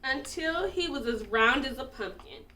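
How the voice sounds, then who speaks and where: A woman reading a children's picture book aloud with expressive, animated storytelling, in an echoey room away from the mic. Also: high voice, normal speed, far from the mic, slight background noise. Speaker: storybook reader.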